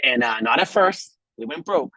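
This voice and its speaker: Husky middle-aged guy pumping up a team on a call, repeats stuff, keeps saying okay, dry close sound. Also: high-pitched, wildly swooping pitch, normal speed, sharp tone, dry recording, rough recording. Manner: emphatic, preachy, repeats himself, keeps asking "okay?". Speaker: network marketing leader speaking on a group call. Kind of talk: motivational talk on a group call.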